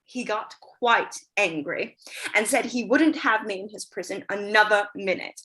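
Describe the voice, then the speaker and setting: A woman's voice: mid-range voice, unhurried, pushed and bright. A woman reading a flighty, cheeky young suffragette with arch comic timing in a play reading.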